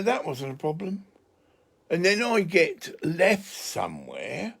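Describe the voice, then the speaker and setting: A man with an English accent talks through a loose, casual monologue, drifting from one point to the next. His voice carries a gravelly fry, and he takes his time, swearing freely as he goes. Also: mid-range voice. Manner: chatty, digressive, swears freely.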